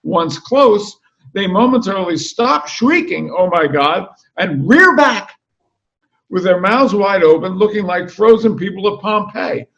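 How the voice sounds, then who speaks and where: A man's voice: sits high, measured pace, vocal fry, muffled recording, voice pushed up, heavily acted. A man reading as a wry storytelling dog. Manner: dry deadpan storytelling, reading aloud. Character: wry observational male dog narrator. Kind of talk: reading a comic novel aloud.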